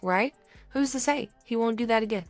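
A young woman co-hosting a podcast, talking casually and acting out little scenes with quick voices. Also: on the high side, no echo, faint music behind. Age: young adult. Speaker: podcast co-host.

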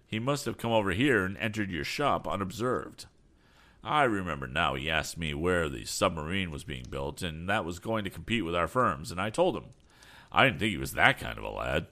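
A man's voice: low-pitched, expressive, moderate pace, bright, forceful tone, exaggerated voice. A man reading an audiobook, voicing a polite, persuasive male business agent. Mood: coaxing. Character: smooth persuasive middle-aged male agent.

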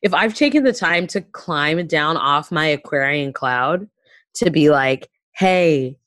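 A woman comedian with a low, deep voice speaks emphatically and bluntly in a casual chat. She sounds close to the mic, and the recording is dry with no room sound. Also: a little slow, a bit bright, no echo, rough recording. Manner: emphatic, profane, preachy. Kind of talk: casual podcast conversation.

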